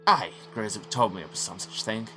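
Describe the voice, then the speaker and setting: A man's voice: on the low side, moderate pace, bright, forceful tone, soft background music. A man voicing a gloomy young Scottish doctor in a shaky put-on Scottish accent that slides toward Irish, with a dry, rueful manner. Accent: put-on Scottish drifting toward Irish.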